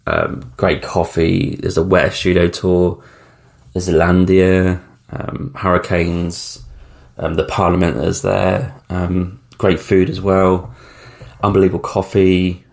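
Gravelly low-voiced man. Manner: rambling, chatty, frequent ums, blunt slang. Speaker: podcast host. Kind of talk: casual solo travel storytelling.

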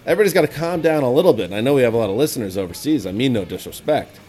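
A man co-hosting a podcast, talking in a casual, animated and teasing way. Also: racing, soft background music. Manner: animated, teasing, jumps into high put-on voices. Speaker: podcast co-host. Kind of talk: casual chat.

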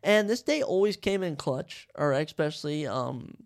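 A man's voice: on the high side, lively intonation, moderate pace. A young American man hosting a podcast on his own, joking and rambling through a countdown list, swinging between hyped outbursts and mumbled asides. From United States. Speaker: podcast host. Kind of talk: casual solo podcast chat.

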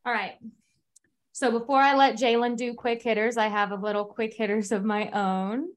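A woman's voice: on the high side, steady tone, moderate pace. A woman co-hosting a sports podcast, chatty and teasing her co-hosts in casual talk. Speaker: podcast co-host.

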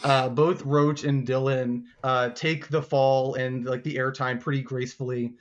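A man's voice: mid-range voice, little pitch movement, unhurried, highs cut off. A man narrating a tabletop game as game master, in loose, casual talk with fillers.

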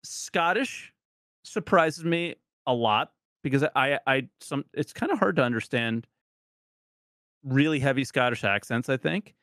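A man's voice: medium pitch, lively intonation, unhurried, a bit bright, no room sound, clean studio sound. A man from New Jersey, a streamer guest on a podcast, chatting casually in a rambling, self-deprecating way.

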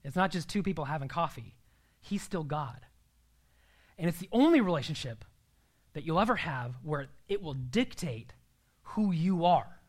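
A man's voice: fairly high pitch, lively intonation, normal speed, long pauses. Earnest young man preaching. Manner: earnest, emphatic, drops to a near-whisper at times. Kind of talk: sermon.

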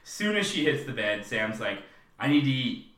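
A man co-hosting a podcast in casual chat, animated and acting out quoted lines. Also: mid-range voice, normal speed. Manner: animated, acts out quotes in raised voices. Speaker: podcast co-host. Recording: roomy, slightly distant mic.

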